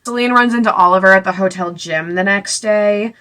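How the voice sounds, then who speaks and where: Bright, sarcastic young woman recapping. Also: medium pitch, fairly quick. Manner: sarcastic and exasperated, with frequent asides. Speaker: YouTuber recapping a book. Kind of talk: casual chat.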